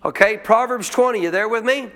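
High-voiced emphatic preacher man. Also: brisk, fairly bright tone. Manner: emphatic, questions the congregation and repeats points. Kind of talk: sermon. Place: church.

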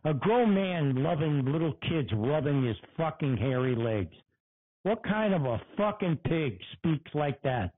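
Husky, animated man ranting profanely. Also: a little high, unhurried, no echo, narrow, tinny audio. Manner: angry, profane, mocking. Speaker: podcast host. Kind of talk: casual profane livestream rant.

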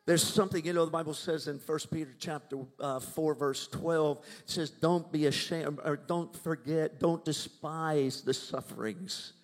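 An older man preaching to a congregation, moving between hushed asides and loud proclaiming, and asking the crowd if they follow. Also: a little high, steady tone, measured pace, hardly any pauses. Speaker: minister. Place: church sanctuary. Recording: long church hall reverb.

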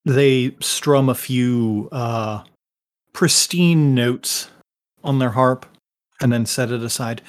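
Male game master, unhurried, casual, fills pauses as he describes scenes. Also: mid-range voice. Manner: rambling, casual, many fillers. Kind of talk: narrating a tabletop game.

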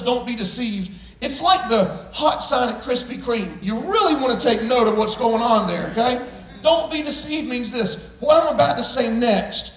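A man preaching a sermon as pastor, emphatic and folksy, with jokes and homespun stories. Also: very high voice. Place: church sanctuary with congregation. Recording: roomy church echo, voice from far off.

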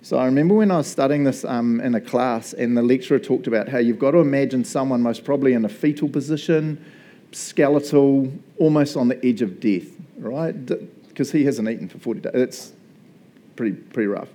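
A man's voice: mid-range voice, fairly quick, dark tone. A male pastor giving a casual, conversational sermon. He laughs often and keeps asking "right?". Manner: chatty, laughs often, asks "right?" a lot.

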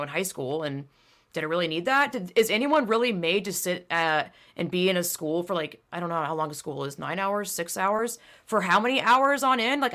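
Young woman, bright tone, blunt profane ranter in casual podcast chat. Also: mid-range voice. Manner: blunt, profane, animated ranting.

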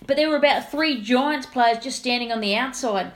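A woman's voice: sits high, moderate pace. A woman, co-hosting a casual sports chat, chatty and rambling, often laughing. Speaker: co-host.

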